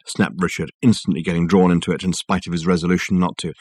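A man narrating a novel as an audiobook reader, measured and wry. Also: low voice, fairly even intonation, a little mellow, slightly rough, no room sound, studio quality. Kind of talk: scripted narration.

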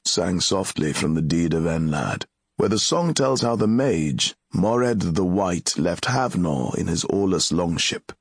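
A man narrating a fantasy audiobook in a measured, solemn storytelling manner. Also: low-pitched, creaky, slightly rough, dry recording, clean studio sound.

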